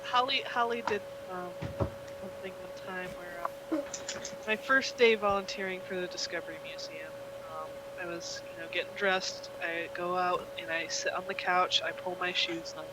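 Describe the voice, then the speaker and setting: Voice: mid-range voice, steady tone, moderate pace, noisy background. A game master narrating a tabletop game in a casual, rambling way, full of fillers. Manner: rambling, filler-heavy storytelling.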